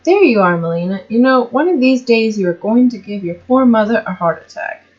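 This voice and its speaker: A woman's voice: on the high side, expressive, a little fast, lightly acted. A woman voicing a caring, fussy mother who scolds her daughter, in a slightly muffled recording. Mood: fussing.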